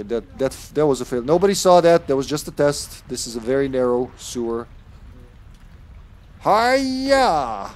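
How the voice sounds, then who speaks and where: A man's voice: medium pitch, a little mellow. A man from the American Midwest streaming a game live, joking crudely and laughing often as he plays. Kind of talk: casual gaming stream chat.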